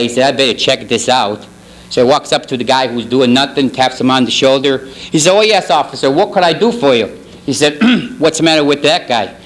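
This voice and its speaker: A man's voice: fairly high pitch, lightly acted, poor audio. A man playing a sly middle-aged Italian parish priest with a put-on Italian accent and broken English, telling jokes at a banquet. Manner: deadpan, rambling joke delivery, broken English. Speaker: banquet humorist. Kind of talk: stand-up roast at a banquet. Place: banquet hall.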